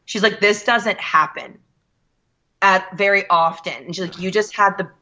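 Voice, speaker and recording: A woman telling a lively story as a guest, quoting people as she goes. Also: mid-range voice, normal speed, lo-fi sound. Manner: animated, quotes others in her story. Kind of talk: casual storytelling.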